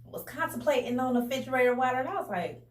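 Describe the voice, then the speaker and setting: A young woman telling a casual storytime to her viewers in a chatty, animated way, often calling them y'all. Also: high voice, racing. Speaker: vlogger. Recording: roomy echo, a bit distant from the mic.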